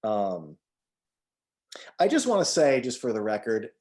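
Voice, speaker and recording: A man's voice: fairly low pitch, wildly swooping pitch, a little slow, darkish tone. A man in his forties co-hosting a film podcast in casual chat, joking, swearing and rambling loosely. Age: 40s. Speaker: podcast co-host.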